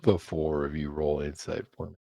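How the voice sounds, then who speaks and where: A man's voice: very deep voice, normal speed, creaky, dry recording, clean studio sound. A man narrating a tabletop game as game master, describing scenes and shop merchants. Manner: animated, voices merchants in character.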